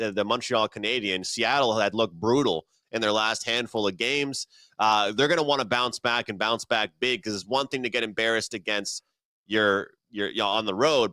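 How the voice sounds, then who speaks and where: A man's voice: medium pitch, sharp tone, dry recording. A man hosting a sports betting talk show, running through his picks and handing off to co-hosts in an upbeat way.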